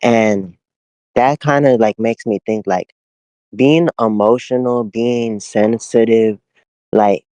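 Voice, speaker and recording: A man's voice: on the low side, takes it slowly, warm tone, no echo, muffled recording. A young man co-hosting a casual podcast from his backyard, talking in a laid-back, thoughtful way with many fillers. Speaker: podcast co-host. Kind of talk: casual chat. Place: backyard at home, outdoors.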